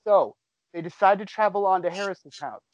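Excitable, swearing man, slightly high voice. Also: fairly quick, highs cut off. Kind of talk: casual storytelling to friends.

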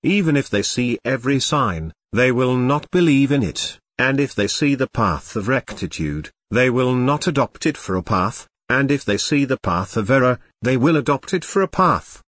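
A man's voice: mid-range voice, animated, fairly bright tone, dry recording. Solemn man reading scripture, dry close voice. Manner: slow, measured, solemn phrasing.

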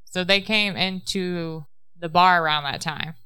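A woman's voice: lowish voice, fairly even intonation, unhurried, sharp tone, clean tone, dry recording, clean studio sound. A woman in a casual game chat, laying out theories one step at a time. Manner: methodical, lays out theories step by step.

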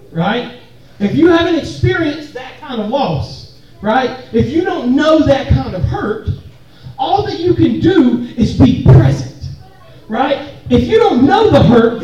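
A man with a very high voice preaches at a measured pace, his pitch swinging widely and his tone dark, though the audio sounds dull. Casual and joking, he trades call-and-response with a crowd in a church hall or meeting room. The room is very echoey and the mic sits far away.

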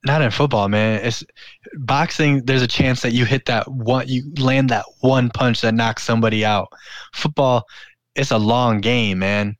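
Male co-host, laid-back teaser, mid-pitch, dry close mic. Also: steady tone, moderate pace, dry recording. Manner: laid-back, teasing, short replies. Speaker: sports podcast co-host. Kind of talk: casual sports banter.

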